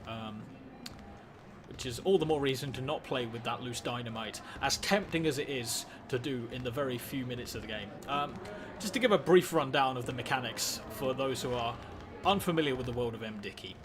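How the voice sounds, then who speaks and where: A man of ordinary pitch narrates his gameplay in a dry, wry tone, repeating and restarting words as he goes. His commentary is clearly audible, with the game's steady noise running underneath. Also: fairly quick. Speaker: gaming video host. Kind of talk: let's play commentary.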